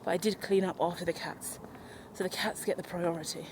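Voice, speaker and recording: A woman's voice: fairly low pitch, brisk, background noise. Rambling woman vlogging outdoors. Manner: rambling, animated and self-mocking. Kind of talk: unscripted walk-and-talk vlog. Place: outdoors in a park or woodland. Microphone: handheld camera while walking.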